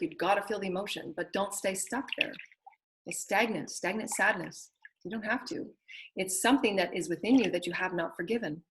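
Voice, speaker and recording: Woman doing a spiritual pep talk, earnest, keeps repeating herself, mid pitch. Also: a little hiss or hum, rough recording. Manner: earnest and urging, with repeated phrases and soft laughs. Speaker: spiritual teacher and show host. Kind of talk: spiritual guidance monologue.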